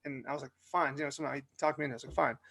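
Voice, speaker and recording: A young man spins an animated story on a casual podcast. His voice sits a little high, and it has a gravelly fry. He leans on fillers and restarts as he talks. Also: very fast. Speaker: podcast co-host.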